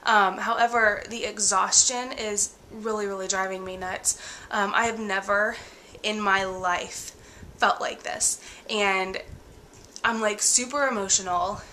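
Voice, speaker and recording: A young woman talks to her camera in a casual vlog, worn out and breathless from a bad cold. Her voice is bright and forward despite the fatigue, and she drifts through ums and likes as she speaks candidly. A faint hiss sits under the recording. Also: mid-range voice, steady tone, a little slow. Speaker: vlogger.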